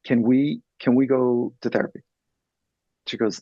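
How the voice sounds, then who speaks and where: A man's voice: mid-range voice, fairly even intonation, normal speed, a little mellow, dry recording, highs cut off. A man in his fifties, a psychologist guest, telling a personal story in an earnest, blunt way and swearing freely.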